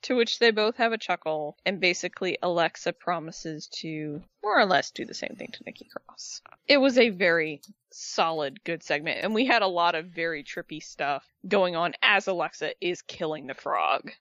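A woman co-hosting a casual wrestling recap, telling the events with animated sarcasm. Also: fairly low pitch, normal speed, few pauses, dry recording, muffled recording. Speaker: co-host.

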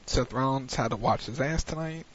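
A man's voice: medium pitch, moderate pace, slightly rough. A man hosting a wrestling recap show on internet radio, chatting casually and rambling with lots of fillers. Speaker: wrestling podcast host. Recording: muffled lo-fi radio stream.

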